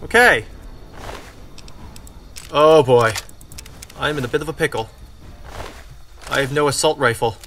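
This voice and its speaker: A young man commenting on a video game he is playing, excitable and swearing, often yelling at the game. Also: mid-range voice, a little slow, pauses often, slight background noise. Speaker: let's play gamer. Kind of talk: gameplay commentary. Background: game music.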